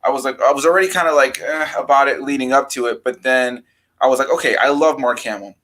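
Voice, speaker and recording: A man in casual conversation, talking through films at an easy mid pitch. He rambles a little and keeps the energy animated, every so often jumping into higher voices to act out quotes. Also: fast talker, poor audio. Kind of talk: casual film discussion.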